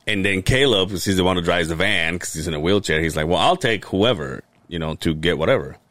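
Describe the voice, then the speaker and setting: A man's voice: deep voice, brisk, hardly any pauses, fairly bright tone, no room sound. A man telling a long, rambling story in casual podcast chat, swearing and restarting often. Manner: rambling, profane, many restarts. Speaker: podcast co-host.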